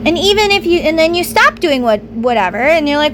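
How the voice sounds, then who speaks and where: A high-voiced woman vlogger delivers a brisk, candid, rambling monologue, speaking emphatically and slipping into the voices of the people she quotes. A steady background noise runs under her voice.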